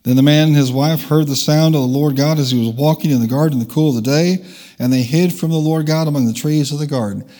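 A man's voice: fairly high pitch, fast, mellow. A man preaching a sermon, leading the congregation in call-and-response and changing his pace for emphasis. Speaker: pastor. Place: church.

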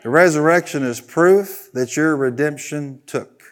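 A pastor preaching with steady emphasis, his voice sitting on the higher side for a man. He hammers home lines by repeating them and calls on the congregation to answer back. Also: unhurried. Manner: emphatic call-and-response preaching, repeating phrases. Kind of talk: sermon.

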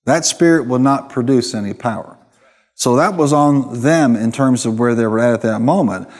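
A man of mid pitch preaches a sermon with emphatic, call-and-response delivery. His voice carries a long reverb, as if heard in a large church hall. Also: normal speed. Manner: emphatic, calls for responses from the congregation.

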